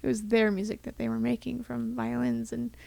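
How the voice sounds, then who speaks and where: A woman's voice: fairly high pitch, flat delivery, brisk, creaky, mellow, dry recording. A young woman co-hosting a podcast, chatting casually in a rambling way with many fillers and sounding tender and close to tears. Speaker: podcast co-host. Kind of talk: casual chat.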